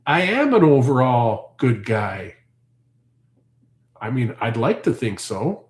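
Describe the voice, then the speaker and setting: This Canadian farm channel host keeps talking as he responds to viewer comments in a relaxed live stream. He speaks in a lowish, animated voice, a little slowly, with long pauses, and the sound echoes around the room.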